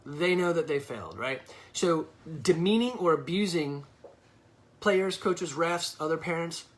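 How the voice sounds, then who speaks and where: Blunt, lively-voiced man. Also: high-pitched. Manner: blunt, animated, lively delivery. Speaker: youth sports coach. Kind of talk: advice monologue to parents.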